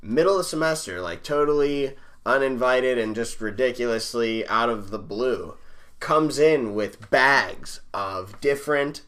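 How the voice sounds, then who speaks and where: A young man co-hosting a casual podcast, joking and breaking into loud excited bursts. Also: mid-range voice, a little slow. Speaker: podcast co-host.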